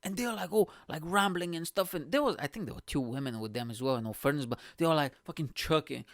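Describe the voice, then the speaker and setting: A man's voice: a little high, fast talker, dry recording, clean studio sound. A young man hosting a comedy podcast, telling rambling profane stories and acting out the people in them. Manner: profane, rambling, animated storytelling with quoted voices. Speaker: podcast host. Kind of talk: casual comedy podcast monologue.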